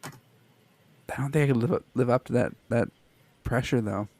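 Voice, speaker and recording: A man's voice: medium pitch, normal speed, dark tone, no echo. A man co-hosting a podcast, chatting casually, loose and joking, with some swearing. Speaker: podcast co-host. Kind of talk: casual chat.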